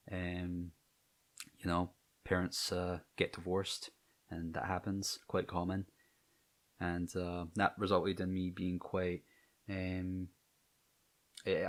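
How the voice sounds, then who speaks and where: Scottish guy near edinburgh, low voice, lots of ums, nervous vlog chat to camera. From Scotland. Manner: hesitant, many ums and restarts, self-conscious. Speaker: channel host.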